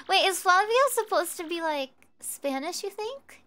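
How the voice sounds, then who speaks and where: A woman streamer chatting casually with viewers while she plays a game, bubbly and quick to giggle. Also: extremely high pitch. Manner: bubbly, giggly, easily excited. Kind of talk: casual gameplay chat.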